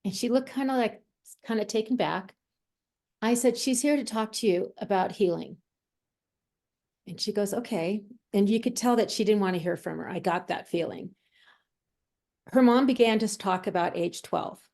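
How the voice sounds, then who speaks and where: Brief: warm, mellow woman; medium and guest, vivid storyteller who acts out quoted voices. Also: medium pitch, normal speed, vocal fry, long pauses. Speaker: medium and healer, interview guest. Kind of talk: conversational storytelling.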